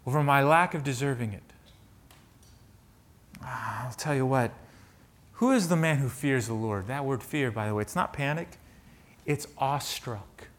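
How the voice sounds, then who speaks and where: A man preaching a sermon, reading scripture aloud and moving between hushed reflection and fervent emphasis. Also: medium pitch. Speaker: pastor.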